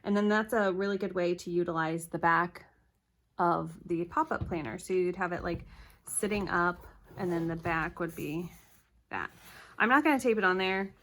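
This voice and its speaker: A young woman talks straight to the camera set on her table at home. Her voice is bright and forward, and her talk is chatty and scattered, full of quick corrections. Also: fairly low pitch. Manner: chatty, flustered, rambling with self-corrections. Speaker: planner vlogger.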